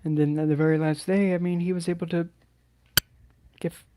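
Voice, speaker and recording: Subdued man with a flat, mellow voice. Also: on the high side, smooth. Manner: halting, hesitant, with many restarts and sighs. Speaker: channel host. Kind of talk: personal storytelling to camera.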